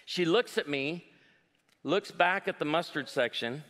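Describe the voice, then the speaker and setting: Slightly high and unhurried, a man in his forties performs live stand-up comedy. He tells stories with animation and acts out voices for quotes, and the recording has long hall reverb.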